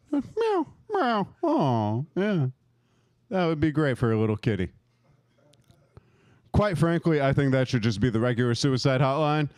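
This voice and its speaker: A man's voice: mid-range voice, brisk, pauses often, darkish tone, clean tone, dry recording. A man in his thirties doing a profane, rambling stand-up set, laughing at his own jokes and working the crowd. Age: 30s. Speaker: stand-up comic.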